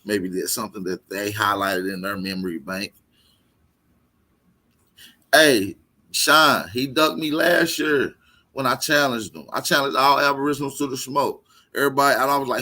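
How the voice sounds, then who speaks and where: A man's voice: medium pitch, a little fast, bright, forceful tone. A man from Texas, hosting a casual panel show and trash-talking in a brash way. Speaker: host.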